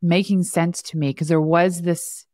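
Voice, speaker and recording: A chatty woman host with a lowish voice tells stories and laughs often. The recording is dry and close. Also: level tone, measured pace, warm tone, dry recording. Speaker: podcast host. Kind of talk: casual conversation.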